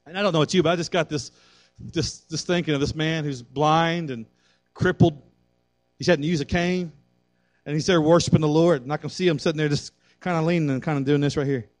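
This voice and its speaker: High-voiced guy pastor preaching hard, dry close mic, gets loud and fired up. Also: steady tone, fairly quick, no echo. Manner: fervent preaching that builds to loud exhortation. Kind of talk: sermon.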